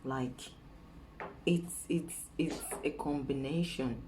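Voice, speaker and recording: A young Nigerian woman with a Nigerian accent, giving chatty dating advice in a casual vlog and dropping into a soft coaxing voice to act out sweet talk. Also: deep voice, fairly even intonation, takes it slowly, slight background noise, poor audio.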